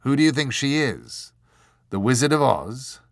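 A man's voice: mid-range voice, animated, unhurried, vocal fry, dry recording, pitched above the performer's own voice. A man voicing a suave, unsympathetic man in an audiobook, speaking in a cool, dry, matter-of-fact way. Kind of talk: audiobook character voice.

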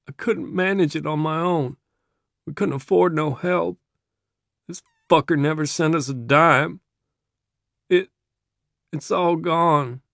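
A man voicing a grieving, enraged young man with a gun, speaking in a rough rural drawl with his voice cracking. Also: medium pitch, fairly even intonation, unhurried, no room sound, studio quality, close to an everyday voice. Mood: tearful rage.

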